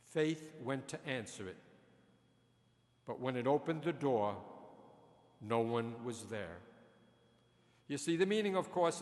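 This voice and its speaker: A priest preaches in a large church, his slightly high voice trailing off into a long reverb. He talks very slowly, spinning little stories and chuckling at his own punchlines. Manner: slow storytelling with jokes, chuckles at own punchlines. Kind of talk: sermon.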